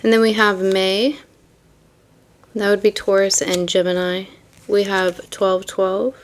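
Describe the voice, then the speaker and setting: A woman's voice: mid-range voice, little pitch movement, slow pace, slight background noise. A young woman reading tarot and chatting casually, rambling and full of fillers between card meanings. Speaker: tarot reader.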